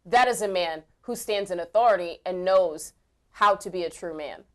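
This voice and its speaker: A woman's voice: lowish voice, moderate pace. A woman co-hosting a political talk show, blunt and emphatic. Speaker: co-host. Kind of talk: casual political commentary.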